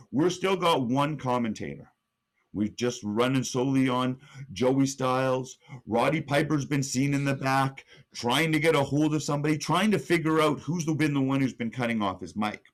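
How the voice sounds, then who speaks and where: A young male podcast co-host narrates an imagined match blow by blow, whipping up hype with sudden rises in his voice. He speaks at a moderate pace in a mid-range voice.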